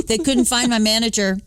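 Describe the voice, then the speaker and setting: Animated woman host in her late 50s. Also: no room sound. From Philadelphia and New York area. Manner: animated, acting out dialogue with big pitch swings. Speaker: podcast host. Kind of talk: telling a personal story.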